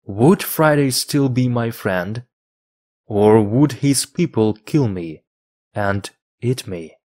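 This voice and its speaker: A man teaching English by reading a storybook aloud in slow, measured phrases for learners. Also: medium pitch, lively intonation, darkish tone.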